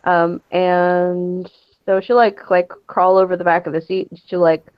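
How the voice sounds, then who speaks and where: A woman's voice: fairly low pitch, little pitch movement, a little slow, clean tone, no room sound. Hesitant woman player on a lo-fi mic. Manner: hesitant, filler-heavy. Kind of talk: tabletop role-play table talk. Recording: lo-fi muffled mic.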